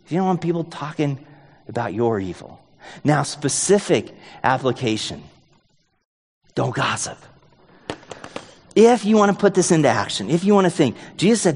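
A male pastor preaching a sermon in a relaxed, joking way, thinking aloud and hedging as he goes. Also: on the high side, normal speed, pauses often, slightly rough, in a large hall.

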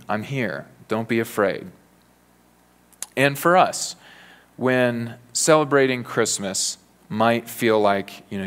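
A man's voice: fairly low pitch, smooth. A man preaching a sermon in an earnest, conversational way, often saying "you know".

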